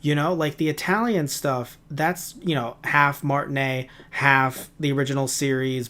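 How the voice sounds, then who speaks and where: A man co-hosting a casual review podcast, talking in an animated, rambling way with quick asides. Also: medium pitch. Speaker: podcast co-host. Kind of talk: casual chat.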